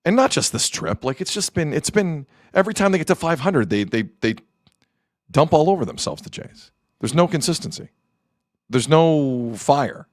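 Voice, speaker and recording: An excitable male sports talk host with a fairly high voice, swinging between loud outbursts and quiet muttering. The sound is dry and close, with no room echo. He talks casually and reacts off the cuff. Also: moderate pace.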